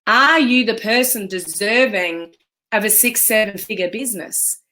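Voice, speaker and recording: Speaking at a normal speed with a medium pitch, this Australian woman gives a lively motivational talk on a live stream. As a business coach, she chats with viewers and speaks emphatically.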